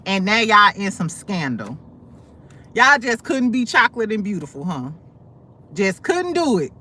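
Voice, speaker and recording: A woman's voice: medium pitch, big pitch swings, a little slow, pushed and bright, breathy edge. A woman host on a casual livestream, telling blunt, profane gossip stories full of asides. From St. Louis. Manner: sassy, blunt, profane storytelling with many asides.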